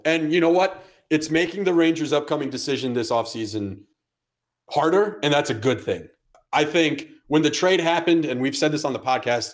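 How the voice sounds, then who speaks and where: A man co-hosting a podcast, talking sports in a blunt, sarcastic way and swearing casually. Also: mid-range voice. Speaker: podcast co-host.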